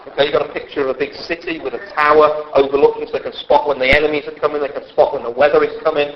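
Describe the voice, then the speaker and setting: Male preacher, animated and chatty, slipping into voices; somewhat high voice, muffled church recording. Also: quick pace, few pauses. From England. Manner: lively, conversational, acts out quoted voices. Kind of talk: sermon. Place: church hall. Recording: dull lo-fi sound with faint background hiss.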